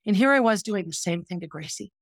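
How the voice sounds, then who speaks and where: A woman's voice: mid-range voice, expressive, fast talker, no echo, studio quality. A middle-aged woman hosting a podcast, telling a personal story in a candid, reflective, self-critical way. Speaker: podcast host.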